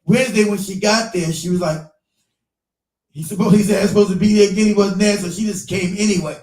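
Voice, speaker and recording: A man's voice: high voice, fairly even intonation, fairly quick, a little mellow, echoey room, recorded from a distance, rough recording. A man hosting a casual chat, retelling a story with lots of swearing, laughter and quoted voices. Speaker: show host.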